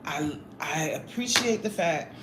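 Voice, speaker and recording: A woman's voice: sits low, expressive, unhurried. Chatty woman in her forties, roomy room. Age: 40s. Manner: chatty, playful, eating while talking. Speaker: livestreamer reading chat. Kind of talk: casual live-stream chat. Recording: roomy echo, faint noise.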